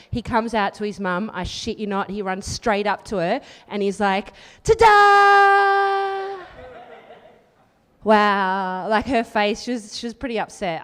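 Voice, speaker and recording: An Australian woman doing a live stand-up set, chatty and teasing the crowd, with deadpan asides. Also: medium pitch. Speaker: stand-up comedian. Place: live comedy venue. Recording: live room with long reverb.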